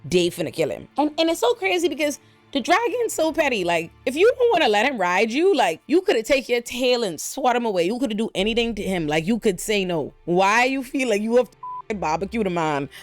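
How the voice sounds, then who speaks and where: A woman hosting a casual TV episode breakdown, talking in an animated, slangy, profane way with frequent exclamations. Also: on the high side, fairly quick, dry recording, faint music behind. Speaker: show recap host.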